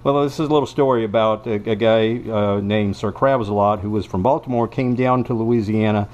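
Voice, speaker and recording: A man's voice: fairly low pitch, a little fast, darkish tone. A man giving a cooking demonstration in a home kitchen and telling a tale as he goes, in a folksy, rambling way that is full of self-corrections. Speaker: home cook.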